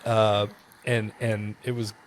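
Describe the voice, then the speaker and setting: Speaking slowly in a lowish voice, a man tells a travel story during a casual podcast interview. He's an animated, high-energy storyteller who laughs frequently.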